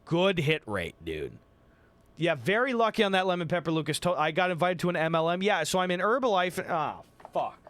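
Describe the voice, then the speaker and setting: A man hosting a livestream in casual chat, telling stories in an excitable, profane way. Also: high-pitched, a little fast. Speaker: livestream host. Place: home streaming room. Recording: music playing behind.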